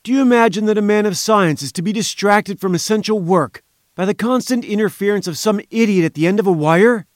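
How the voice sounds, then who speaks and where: A man's voice: high voice, lively intonation, normal speed, no echo, clean studio sound, pitched above the performer's own voice. A man voicing an irascible, pompous bearded professor who blusters with haughty indignation in an audiobook. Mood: outraged. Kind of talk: audiobook character voice.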